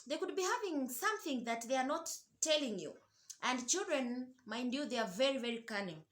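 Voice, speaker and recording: A woman's voice: high-pitched, animated, brisk, a bit bright, reverberant. A woman host giving parenting advice, talking earnestly, asking rhetorical questions and often repeating words as she restarts. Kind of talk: advice talk to camera.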